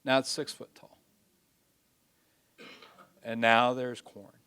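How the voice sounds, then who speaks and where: A man preaching a sermon, folksy in his phrasing, swinging from loud pleading to hushed, near-whispered lines. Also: mid-range voice, level tone, slow pace, smooth.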